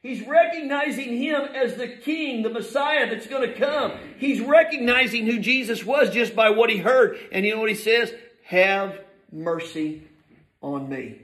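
High-voiced man preaching a sermon. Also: normal speed, hardly any pauses, slightly rough, poor audio. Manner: emphatic preaching, swinging from soft to shouted.

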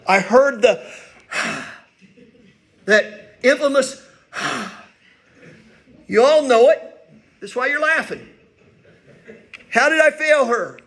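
Older pastor, high voice, roomy sound. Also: male voice, fairly bright tone. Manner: folksy, self-deprecating storytelling. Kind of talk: sermon. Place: church sanctuary.

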